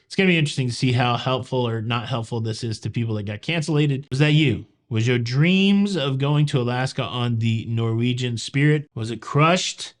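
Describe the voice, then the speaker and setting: A man's voice: medium pitch, moderate pace, hardly any pauses. Male host, Southern accent, casual news commentary, playful wisecracks. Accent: Southern American. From American South. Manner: joking, wisecracking, talks to viewers. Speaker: cruise news show host.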